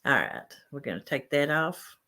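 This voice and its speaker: A woman's voice: rumbling low, big pitch swings, moderate pace, bright, forceful tone. A woman hosting a casual fishing livestream, reading out chat names and greeting viewers. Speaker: livestream host.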